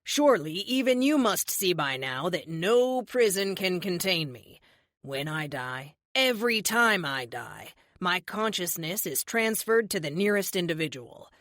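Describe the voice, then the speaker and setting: A smug, self-assured villain from a superhero audiobook, voiced by a woman. He talks down slowly and deliberately in a lower register. Dry, close recording. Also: very animated, a bit bright, no echo. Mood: smug menace. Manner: slow, condescending, self-assured. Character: smug, menacing man, centuries-old villain.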